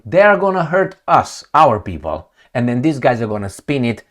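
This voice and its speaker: A man's voice: medium pitch, sing-song, moderate pace, fairly bright tone. A man giving a heated, profane, sarcastic political commentary, reading news lines aloud and mocking them. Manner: reads news excerpts aloud, mocks with put-on quotes. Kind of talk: ranting video commentary.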